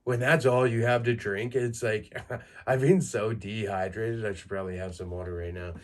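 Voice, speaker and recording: A man's voice: on the low side, steady tone, normal speed. A man in his thirties from Canada, a podcast host telling crude, self-mocking stories in a casual monologue and laughing through them. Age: 30s.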